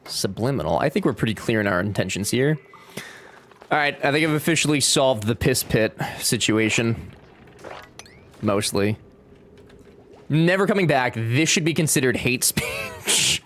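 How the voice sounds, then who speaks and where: A man's voice: medium pitch, expressive, moderate pace, pauses often, a bit bright, a little hiss or hum. A young man chatting casually while streaming a game, joking and reading chat aloud. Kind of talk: casual gameplay livestream chat.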